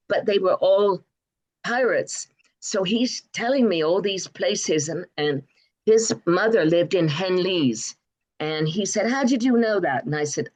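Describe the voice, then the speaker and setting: An older woman from Bristol with an English accent, telling rambling anecdotes in an interview, with frequent fillers and pauses. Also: on the low side. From Bristol, England. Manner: rambling, hesitant, warm anecdotes with many fillers. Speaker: guest. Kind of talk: interview storytelling.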